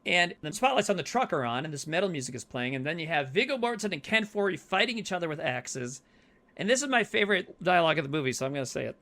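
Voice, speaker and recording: Gravelly, animated male podcast co-host. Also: fairly high pitch, fast. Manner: animated, swearing, rambling. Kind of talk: casual movie discussion.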